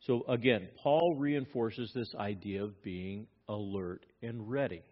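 A male pastor preaches a sermon in a fairly low voice at a measured pace, reading scripture aloud and growing louder when he stresses his points. The emphatic delivery comes through a dull, lo-fi sermon recording.

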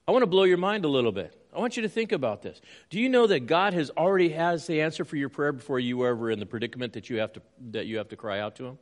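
A middle-aged man preaching a sermon in an earnest way, moving between quiet reflection and emphatic points. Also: mid-range voice, lively intonation, quick pace. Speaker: pastor.

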